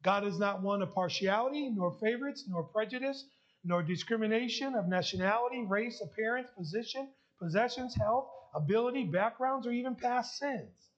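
A man's voice: high voice, highs cut off. A man preaching a heartfelt sermon and sharing his testimony, emotional at times. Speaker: pastor.

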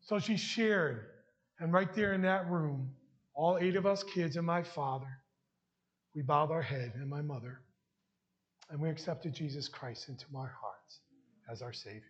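A man's voice: fairly high pitch, unhurried, pauses often, lo-fi sound. A man preaching a heartfelt sermon and sharing his testimony, emotional at times. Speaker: pastor.

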